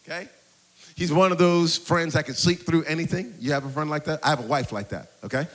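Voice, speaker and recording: A pastor with a notably high voice for a man delivers a church sermon from the stage microphone. His preaching is lively and conversational, with playful asides for the congregation. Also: fairly quick. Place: church sanctuary before a congregation.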